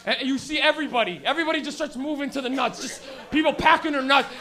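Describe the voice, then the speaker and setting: High-voiced profane young stand-up comic. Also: male voice, quick pace, pushed and bright. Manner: profane, acts out friends and cops in voices. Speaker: stand-up comedian. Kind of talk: stand-up comedy set. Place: comedy club.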